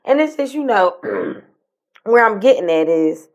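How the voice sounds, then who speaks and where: A woman, co-hosting a podcast, telling a personal story in casual talk, by turns animated and tearful, dropping to near-whispers. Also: mid-range voice, measured pace. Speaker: podcast co-host.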